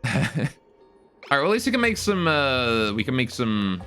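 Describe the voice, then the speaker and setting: Joking male game streamer, animated pitch. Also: a little slow, faint music behind. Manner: joking, chats with viewers while playing. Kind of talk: casual live-stream gaming chat.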